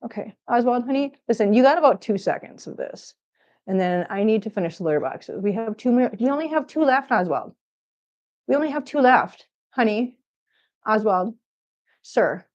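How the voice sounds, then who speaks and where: A woman's voice: a little high, expressive, normal speed, darkish tone, lo-fi sound. A woman from Missouri hosting a casual livestream from home on a laptop mic, chatting and rambling and cooing baby talk to her cats. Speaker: cat channel host. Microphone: laptop microphone.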